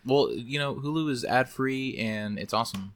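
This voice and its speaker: A man's voice: mid-range voice, moderate pace, a crowd in the background. A young man hosting a casual podcast chat with friends, talking while munching chips. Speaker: podcast host.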